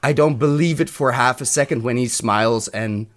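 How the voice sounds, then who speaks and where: A man's voice: mid-range voice, moderate pace. A man from Europe co-hosting a podcast, rambling and profane, thinking aloud with restarts. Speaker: podcast co-host. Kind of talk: casual chat.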